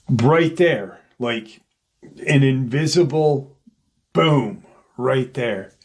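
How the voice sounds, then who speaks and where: This channel host speaks at a medium pitch and sounds expressive as he slowly works through a creepy encounter. He tells it in a relaxed, meandering style, impersonating whoever he quotes.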